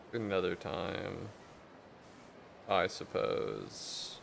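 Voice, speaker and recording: A young man streaming a game in casual chat, ranting and swearing with loud exasperated outbursts. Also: on the low side, vocal fry, a little hiss or hum.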